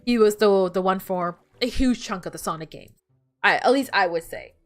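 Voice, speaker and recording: A woman's voice: mid-range voice, moderate pace. A young woman streaming a game, chatting casually, laughing often and swearing as she tells stories. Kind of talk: casual gameplay chat. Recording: faint background music.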